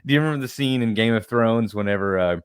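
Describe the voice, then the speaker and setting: A man co-hosting a casual film talk podcast, rambling and profane, his voice often trailing off quietly. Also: medium pitch, fast, smooth, no echo, clean studio sound. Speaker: podcast co-host.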